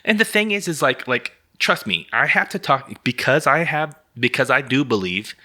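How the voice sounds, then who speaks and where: A man co-hosting a podcast in casual chat, telling stories in an animated, profane way. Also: mid-range voice, moderate pace. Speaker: podcast co-host.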